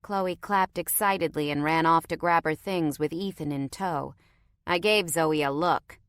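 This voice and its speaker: A woman's voice: sits low, unhurried, fairly bright tone, clear, resonant tone, no room sound, clean studio sound. Wry woman narrating a story. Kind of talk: first-person audiobook narration.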